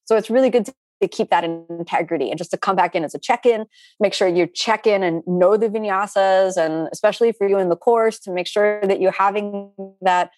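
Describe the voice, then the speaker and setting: Middle-aged woman, yoga teacher, chatty and animated Q&A delivery, dry close sound. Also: mid-range voice, fairly quick, no echo, faint music behind. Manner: chatty, animated, with playful asides. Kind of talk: live online class Q&A.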